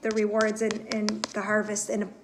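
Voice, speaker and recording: A woman hosting a live spiritual reading, talking earnestly in halting, repetitive phrases with many fillers and restarts. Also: medium pitch, completely flat delivery, a little hiss or hum. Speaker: intuitive reader and host.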